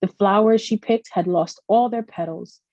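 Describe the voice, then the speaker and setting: A woman narrating a children's picture book aloud in an expressive storytelling manner. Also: mid-range voice, normal speed, no echo, muffled recording.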